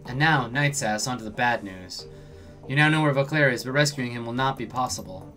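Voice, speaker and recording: A man's voice: mid-range voice, fairly quick, sharp tone, faint music behind, close to an everyday voice. A man voicing the formal, stiff simulacrum of a woman hacker in a video game. He reads the lines precisely and formally.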